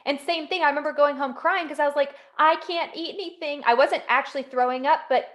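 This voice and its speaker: A woman's voice: high-pitched, fast, a bit bright. A woman co-hosting a podcast, telling personal stories with feeling and often chiming in to agree. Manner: emotional storytelling, frequent agreeing interjections. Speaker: podcast co-host. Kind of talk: casual chat.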